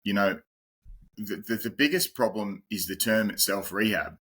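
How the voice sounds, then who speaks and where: Australian man with a bright voice. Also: on the low side, moderate pace, breathy edge. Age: 40s. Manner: relaxed, laughs easily, explains in plain terms. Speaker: guest, pain-reduction specialist. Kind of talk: casual podcast conversation.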